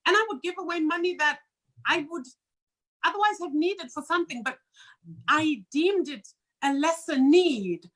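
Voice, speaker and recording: A woman's voice: high voice, lively intonation, moderate pace, fairly bright tone. A woman in a casual podcast chat who is chatty and laughs easily.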